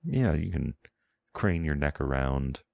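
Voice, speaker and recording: Very deep, gravelly man narrating a game. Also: expressive, measured pace, darkish tone, no echo. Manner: meandering, descriptive, searching for words. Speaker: game master.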